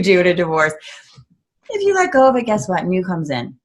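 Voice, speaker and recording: A woman's voice: mid-range voice, quick pace. A middle-aged woman from the United States, talking earnestly in a casual interview and acting out the voices of people she quotes. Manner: earnest, animated, acts out quoted talk. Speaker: guest speaker, coach.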